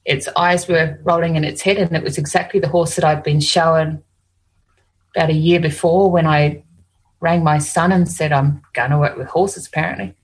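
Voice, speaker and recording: In casual talk, an Australian woman who is an animal communicator and hypnotist tells meandering stories, often restarting and peppering them with "you know." She speaks at normal speed in a low, steady, somewhat breathy voice, and the recording is rough.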